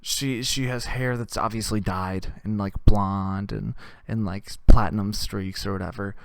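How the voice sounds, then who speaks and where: A man hosting a comedy show, telling a crude, rambling story with deadpan delivery. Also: lowish voice, unhurried, vocal fry, clean tone, no room sound, clean studio sound.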